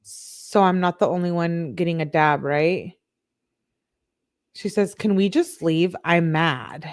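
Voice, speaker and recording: A woman who hosts a true crime channel, reading text messages aloud on a live stream. She reads the quoted messages in a flat way and breaks off to talk with her chat. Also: on the low side, takes it slowly.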